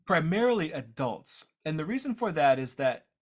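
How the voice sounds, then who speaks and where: A man's voice: fairly high pitch, sing-song. Casual man teaching over a video call. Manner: casual, self-deprecating, halting with restarts. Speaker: tribal language teacher. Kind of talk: online presentation talk. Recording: unstable internet connection, audio drops out.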